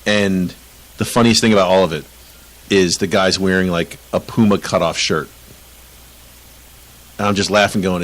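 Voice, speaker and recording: A man's voice: low voice, fairly even intonation, moderate pace, long pauses, a bit bright, poor audio. A man co-hosting a casual soccer podcast, ranting with lots of swearing and frequent laughter. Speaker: podcast co-host.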